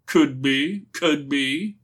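A man's voice: on the high side, very slow, fairly bright tone, breathy edge, exaggerated voice. A man voicing a flustered middle-aged council official who is anxious and easily confused. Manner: anxious, bluster giving way to confusion.

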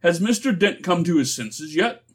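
A man's voice: high-pitched, expressive, moderate pace, breathy edge, pitched above the performer's own voice. A man voicing a flustered middle-aged council official who is anxious and easily confused. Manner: anxious, bluster giving way to confusion.

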